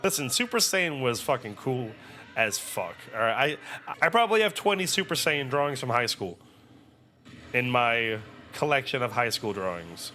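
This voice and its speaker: A young man hosting an anime reaction video, chatting in an excitable, profane, animated way. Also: mid-range voice, normal speed, slight background noise. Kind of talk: casual reaction commentary.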